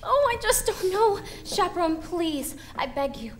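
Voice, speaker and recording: A woman's voice: very high voice, big pitch swings, measured pace, a little hiss or hum, full character voice. A woman playing a dramatic, flustered young starlet bride in a stage musical, flighty and theatrical.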